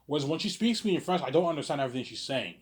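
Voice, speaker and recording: This Quebec livestream host works through viewer questions in a rapid-fire, expressive ramble, his voice on the high side. He stumbles over restarts, repeats himself, and keeps tacking on "obviously."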